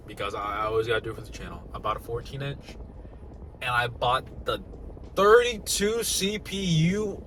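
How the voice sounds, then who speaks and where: Excitable young man, unhurried hype. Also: medium pitch, slight background noise. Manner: excitable, swings from loud hype to mumbled asides. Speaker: tech YouTuber. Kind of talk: casual excited vlog.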